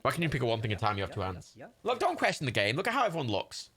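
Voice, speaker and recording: A young Englishman streams a game and rambles through casual, sweary commentary, laughing as he goes. His voice is gravelly and bright with a lively, bouncing pitch. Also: rapid-fire. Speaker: livestreamer. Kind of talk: casual let's-play commentary.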